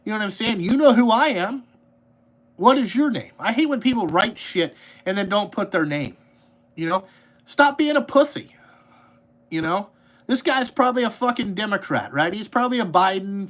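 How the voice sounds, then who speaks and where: A man's voice: sits high, lively intonation, normal speed, fairly bright tone. A man ranting angrily into his podcast mic, swearing constantly and rambling with repeated fillers. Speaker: podcast host, trucking business owner. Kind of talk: profane ranting monologue.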